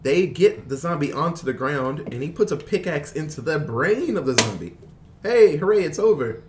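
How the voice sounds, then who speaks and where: Animated man recapping a movie. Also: fairly high pitch, normal speed, a little hiss or hum. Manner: animated storyteller, laughs often, mimics characters. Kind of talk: casual movie recap chat.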